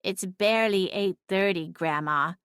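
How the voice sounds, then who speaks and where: A woman's voice: medium pitch, measured pace, a bit bright, smooth, no room sound, lightly acted. A woman voicing a small, sassy female talking cat who is bossy and bloodthirsty, in a dry audiobook reading. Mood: snarky. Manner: snarky, bossy, dramatic.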